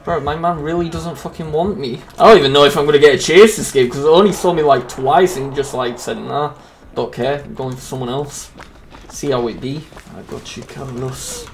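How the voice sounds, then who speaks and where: A man giving casual, jokey commentary over a video game, swearing freely and reacting loudly. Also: fairly high pitch, brisk, slight background noise. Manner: excitable, swears a lot, jokey. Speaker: gaming YouTuber.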